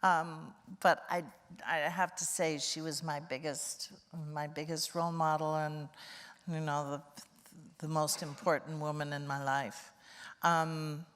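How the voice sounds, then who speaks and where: A woman's voice: sits low, level tone, a little slow, fairly bright tone, smooth, big-room sound. An older woman, a guest actress, telling candid, wry anecdotes in a casual interview.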